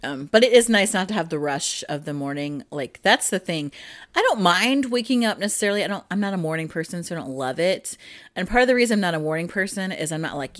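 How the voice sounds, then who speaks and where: A woman in her thirties co-hosting a podcast, chatting casually in a self-deprecating, rambling way that drifts softer. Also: fairly low pitch, lively intonation, quick pace. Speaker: podcast co-host. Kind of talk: casual chat.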